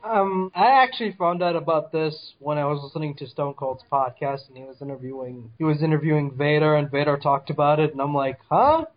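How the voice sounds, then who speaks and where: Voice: mid-range voice, fairly even intonation, a little fast, hardly any pauses, muffled recording. A podcast co-host in a casual movie review chat, talking bluntly and swearing a lot. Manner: blunt and heavily profane.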